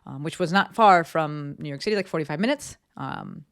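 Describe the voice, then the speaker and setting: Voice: mid-range voice, animated, brisk, gravelly, fairly bright tone, smooth. A candid, chatty podcast host from New Jersey, talking solo about business. The delivery is loose and conversational, full of fillers and the odd swear word. It is recorded in a home office.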